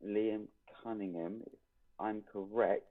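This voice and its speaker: A man's voice: fairly low pitch, steady tone, takes it slowly. A man who is a guest on a casual podcast explains things at length in a hesitant way. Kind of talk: casual chat. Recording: tinny phone-like remote line, distant.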